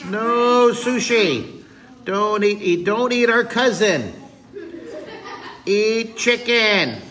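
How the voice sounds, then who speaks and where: A man voicing a crowd of small cartoonish fish chanting protest slogans in a high squeal. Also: expressive, very slow, fairly bright tone, distant mic, slight background noise, heavily acted.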